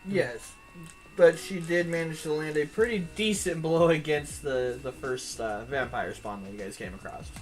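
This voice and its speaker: A woman's voice: deep voice, normal speed, a little mellow. A woman narrating as game master of a tabletop game on a live stream, hesitating with fillers as she describes scenes.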